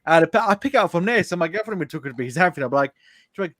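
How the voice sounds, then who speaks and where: Lively high-voiced man rambling. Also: very fast, no echo. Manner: rambling, jokey storyteller who laughs mid-sentence. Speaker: podcast panelist. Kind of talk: casual group chat.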